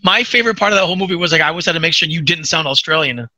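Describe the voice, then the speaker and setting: A man with a high, very bright voice hosts a podcast, telling stories in a quick, animated rush. The sound is close and dry, with no room around it. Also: no echo. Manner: animated, chatty storyteller. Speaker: podcast host. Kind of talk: casual chat.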